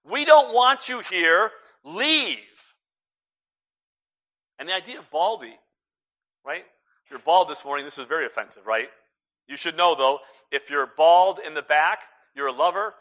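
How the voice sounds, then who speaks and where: Male pastor, high bright voice, lively sermon, loud then hushed, joking asides. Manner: lively preaching, swings between loud and hushed, quips.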